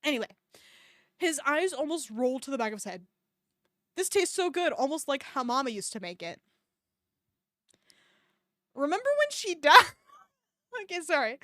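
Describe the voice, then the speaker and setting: Woman, streamer, fan fiction reading, sarcastic asides, swears a lot, fairly high pitch, dry close mic. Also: a bit bright, dry recording. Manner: sarcastic, swears often, breaks off to mock the text. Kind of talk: comedic dramatic reading with commentary.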